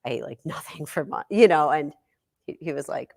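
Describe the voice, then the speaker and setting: A woman's voice: low-pitched, a little fast, creaky, darkish tone, no room sound, studio quality. A young woman co-hosting a morning TV show, chatting casually and laughing often. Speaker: morning TV co-host. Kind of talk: casual studio chat. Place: TV studio.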